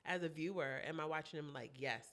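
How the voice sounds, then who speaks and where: Bright-voiced woman co-hosting a recap podcast. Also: low voice, brisk. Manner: animated, laughing, dramatic asides. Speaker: podcast co-host. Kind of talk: casual recap chat.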